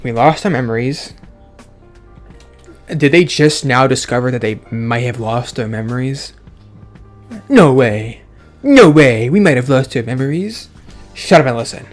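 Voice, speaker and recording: A man's voice: medium pitch, moderate pace. A man giving casual, sarcastic commentary with frequent swearing as he reacts aloud to a game's dialogue. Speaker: let's play gamer. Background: faint game music.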